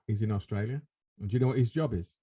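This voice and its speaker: A man's voice: fairly low pitch, racing, mellow, breathy edge. A man with a British accent, co-hosting a casual chat, indignant and full of rhetorical questions. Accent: British English. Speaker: podcast co-host.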